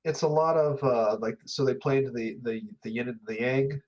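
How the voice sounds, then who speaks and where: A man's voice: mid-range voice, normal speed, lo-fi sound. A man co-hosting a podcast, talking casually and hesitantly with many fillers and frequent laughter. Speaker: podcast co-host. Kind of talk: casual chat.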